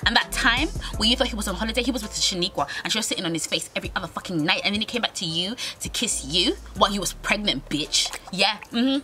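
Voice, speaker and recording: A woman's voice: medium pitch, lively intonation, fast, few pauses, pushed and bright. A young woman with a British accent telling a brash, profane, dramatic storytime on her vlog. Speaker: vlogger. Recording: music playing under the voice. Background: music.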